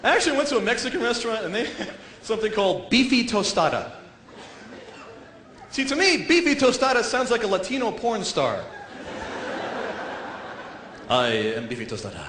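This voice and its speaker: A male comedian performs a stand-up set, his voice high, lively and bright. He jumps into silly character voices along the way. The sound is echoey, with faint noise behind it. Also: a little fast. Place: comedy stage before a live audience.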